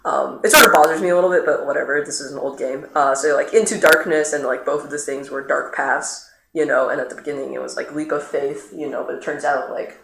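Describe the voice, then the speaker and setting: A streamer talks loosely over gameplay, piling up fillers and restarts with sudden leaps in pitch. The voice sits in a middle register. It rings in a roomy space with a faint hiss behind it. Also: fairly even intonation, quick pace, vocal fry. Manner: rambling, many fillers, sudden pitch jumps. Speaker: streamer playing the game. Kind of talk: casual chat over gameplay. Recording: roomy echo, faint noise.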